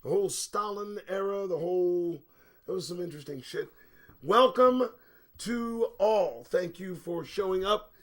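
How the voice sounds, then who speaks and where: A middle-aged man hosting a live-streamed news commentary show, talking bluntly and profanely, his voice a little strained, swinging between low quiet stretches and sudden loud bursts. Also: normal speed. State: voice recovering from strain.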